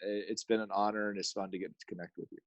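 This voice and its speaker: A man talking as a podcast guest in casual chat, animated, laughing often and restarting his sentences. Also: fairly low pitch, racing, no echo, lo-fi sound.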